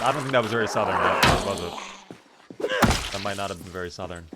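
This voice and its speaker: A man streams a video game and chats casually with his audience, rambling loosely and leaning heavily on "like." His voice is lowish and quick, with a noisy background.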